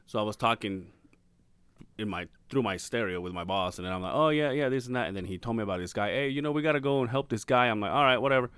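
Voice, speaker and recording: A man's voice: medium pitch, fast talker, a bit bright, smooth, no room sound. A man telling a story in casual podcast chat, swearing freely and acting out the voices of the people he quotes. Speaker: podcast guest. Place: podcast recording room.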